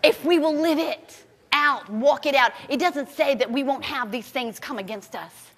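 A woman pastor preaching a sermon with fervent, loud declarations that drop into hushed storytelling. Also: sits high, moderate pace, slight background noise. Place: church sanctuary. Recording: long church-hall reverb.

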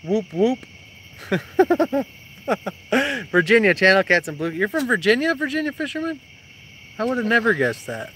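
This young man's high, sharp voice is very animated, moving at a moderate pace broken by long pauses, with slight background noise. He's hosting a fishing live stream outdoors at night by a creek, teasing his partner and reading viewer comments out loud in casual chat.

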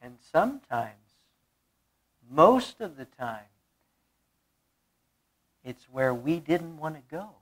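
A woman's voice: low voice, very animated, takes it slowly, long pauses. A woman pastor preaching a sermon, telling a story and repeating key phrases for emphasis.

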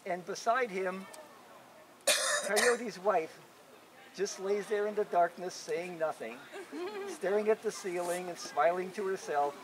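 A man telling a folk tale live, playful and chuckling, often doubling his words as he goes. His voice sits high for a man, with a faint background hum from the event. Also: a little slow. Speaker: storyteller.

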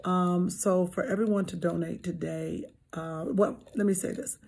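A woman's voice: fairly low pitch, measured pace, creaky, a little mellow, husky. A middle-aged woman co-hosting a comedy podcast, chatting loosely with lots of "uh"s and "um"s. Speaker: podcast co-host. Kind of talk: casual chat.

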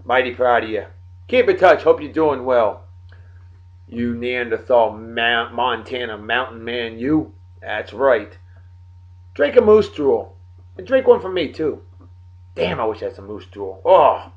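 A man's voice: medium pitch, animated, measured pace. Jokey man with a dull lo-fi sound. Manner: rambling, jokey, talks straight to friends. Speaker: host of a daily beer and song show. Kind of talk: casual birthday shout-outs to viewers. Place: home in Texas.

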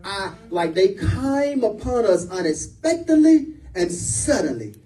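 A man, a senior pastor, preaching a sermon in a church, repeating phrases and building up to shouts. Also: high voice, sing-song, measured pace, distant mic, rough recording.

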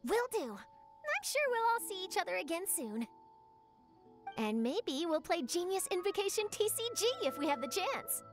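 Cheery young lady journalist, very high voice, brisk and newsy, game music behind. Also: sing-song. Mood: upbeat. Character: upbeat young female news reporter.

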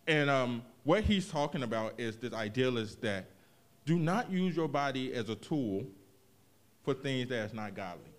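A man preaching a sermon, moving from hushed reflection to loud, animated emphasis, with casual asides to the congregation. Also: mid-range voice, moderate pace. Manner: expressive preaching, swings from quiet to loud, vernacular asides. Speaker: pastor.

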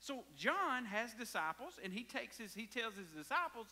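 Pastor preaching, whispers to hollers. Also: male voice, very high-pitched, big pitch swings, moderate pace, long reverb tail. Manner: dramatic preaching, swinging from hushed whispers to hollering. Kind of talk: sermon.

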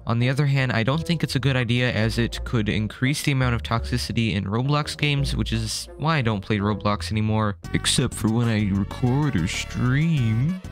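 A young man talks through gaming news in a casual vlog, tossing in sarcastic jokes. His voice sits at an ordinary middle pitch. Faint music plays underneath. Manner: joking, sarcastic. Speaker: gaming YouTuber.

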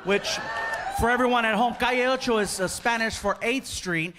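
A male comedian telling a story on stage, animated and acting out the dialogue, recorded live over audience laughter and noise. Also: extremely high pitch, moderate pace. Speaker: stand-up comedian. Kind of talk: stand-up storytelling.

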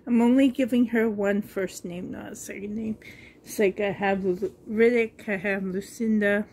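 A woman's voice: medium pitch, fairly even intonation, darkish tone, slight background noise. A woman vlogger gushing over a new doll in a casual unboxing vlog, coughing now and then. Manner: gushing, breathy with delight, slow.

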